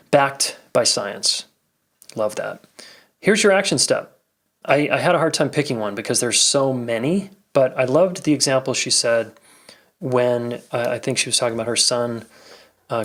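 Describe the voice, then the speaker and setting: A man hosting a podcast, wrapping up the episode in a casual, enthusiastic talk straight to his listeners, coaching them and often checking in with "all right?". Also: medium pitch. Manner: acts out warm validating phrases while speaking. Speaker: podcast host. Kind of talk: casual solo outro talking straight to listeners.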